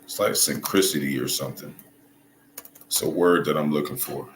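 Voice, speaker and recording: A man giving casual video commentary as a religious commentator, halting and hunting for words, often checking in with his listeners. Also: a bass voice. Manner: halting, restarts and hunts for words, checks in with "right?" and "you see?". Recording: echoey room with faint noise.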